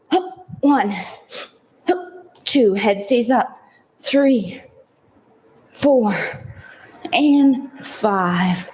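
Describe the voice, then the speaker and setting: A woman's voice: sits high, a little mellow, rough recording. A woman coaching a follow-along workout, counting down push-up holds in an upbeat way. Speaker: fitness instructor.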